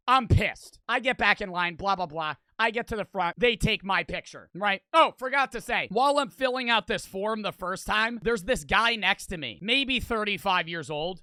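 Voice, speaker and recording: A man's voice: sits high, expressive, normal speed, bright, forceful tone, dry recording. A man in his early twenties casually telling a profane, rambling story to his stream audience. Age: young adult.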